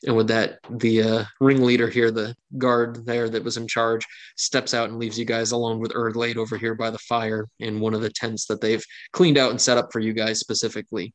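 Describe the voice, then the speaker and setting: A man running a tabletop game as its game master, spinning scenes in a playful, chatty way and dropping jokey asides between descriptions. His voice sits at an ordinary middle pitch. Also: monotone, brisk, hardly any pauses.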